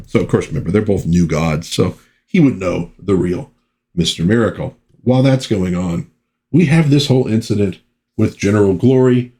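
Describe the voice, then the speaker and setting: A man's voice: lowish voice, normal speed, mellow. A man casually recapping an old comic book issue, chatting about the plot with his own asides.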